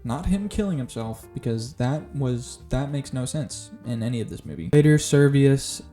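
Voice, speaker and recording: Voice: mid-range voice, normal speed. A YouTube reviewer rambling sarcastically through a movie recap and acting out lines from the film. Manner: sarcastic, rambling, animated recap with acted quotes. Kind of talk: casual movie recap vlog. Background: faint background music.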